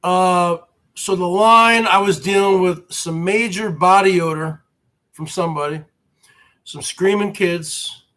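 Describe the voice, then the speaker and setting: Slow-talking, bright-voiced man ranting. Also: sits high. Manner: rambling, profane, complaining, with many restarts. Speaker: livestream host. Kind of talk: casual rambling livestream monologue. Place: basement.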